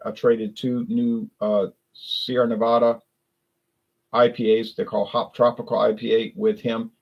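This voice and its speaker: A fairly low, husky-voiced man from South Louisiana, with that region's accent, rambles through a casual live-stream chat about drinks, often restarting and correcting himself. The audio sounds dull.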